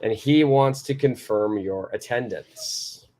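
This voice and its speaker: A man's voice: medium pitch, slow, a little mellow. A man teaching an English lesson, patiently explaining phrases and repeating examples aloud. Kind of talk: live online grammar lesson.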